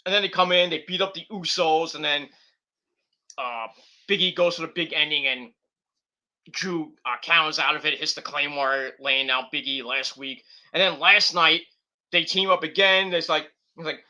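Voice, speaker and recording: A man's voice: a little high, unhurried, pushed and bright. A man hosting a casual wrestling predictions show, rambling off the cuff with cursing and mocking nicknames. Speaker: host.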